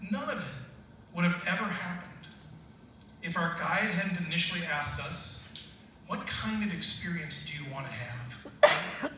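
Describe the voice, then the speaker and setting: A man's voice: high voice, bright, forceful tone. A middle-aged man giving a motivational keynote, conversational and humorous. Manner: conversational, humorous, laughs with the audience. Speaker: keynote speaker. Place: large hall at a school staff gathering. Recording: echoey hall, distant mic, faint hum.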